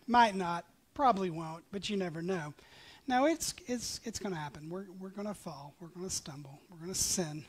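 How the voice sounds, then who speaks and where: Male pastor preaching a sermon; dynamic delivery that builds to loud emphatic peaks and drops to quiet near-whispers. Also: sits high. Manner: reads scripture aloud with passion.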